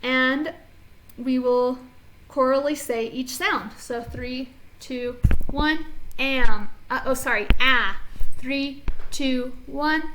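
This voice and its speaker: A woman teaching an early reading phonics lesson to children, speaking clearly and encouragingly as she models each sound. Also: sits high, steady tone, slow, a bit bright, a little hiss or hum, poor audio.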